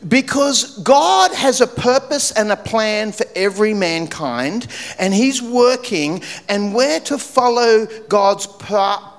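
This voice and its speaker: Guy preaching, pretty high voice, big echoey church hall, animated storytelling. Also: takes it slowly, hardly any pauses. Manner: animated storytelling, drops low and quiet for weight. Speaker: pastor. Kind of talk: sermon.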